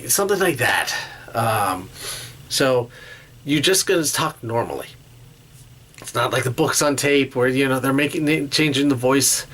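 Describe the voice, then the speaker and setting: A man hosting a solo podcast, talking through tips in a halting way and often restarting his phrases. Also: mid-range voice, fairly bright tone, slight background noise. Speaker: podcast host. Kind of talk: casual solo talk with tips.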